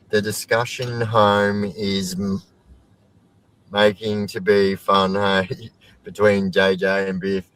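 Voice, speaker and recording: A man's voice: fairly low pitch, flat delivery, takes it slowly, fairly bright tone, slight background noise, low-quality recording. A man with an Australian accent chatting enthusiastically as a guest on a casual livestream, swearing now and then. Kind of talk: casual chat.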